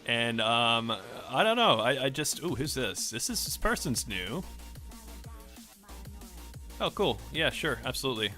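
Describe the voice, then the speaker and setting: Bright-voiced Australian man rambling casually. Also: mid-range voice, very animated, unhurried, long pauses, faint music behind. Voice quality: strongly emphasized R sounds. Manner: rambling, self-questioning. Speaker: gaming vlogger. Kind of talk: casual rant over gameplay.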